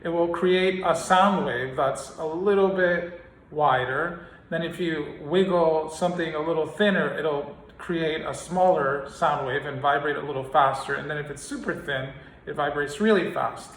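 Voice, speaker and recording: A man's voice: a little high, unhurried, a bit bright. A man teaching a singing lesson, explaining with analogies and singing scale exercises. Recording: roomy sound with piano behind. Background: piano.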